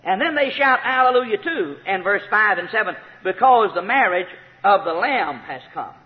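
A man preaching a sermon, emphatic and repetitive, rising to shouted praise. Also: high voice, very animated, moderate pace. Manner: emphatic, repeats key phrases, rises to shouts of praise. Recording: tinny phone-like sound with long hall reverb.

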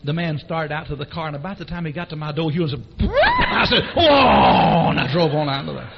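A man who is a Baptist preacher, telling a folksy, animated story in a sermon and acting out the shouting and laughter. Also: on the high side, very fast, vocal fry, crowd noise. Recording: dull lo-fi recording.

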